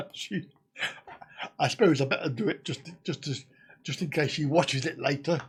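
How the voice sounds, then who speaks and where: A man's voice: on the high side, moderate pace, slightly rough. A man hosting a casual live stream, chatting and laughing as he answers viewer comments.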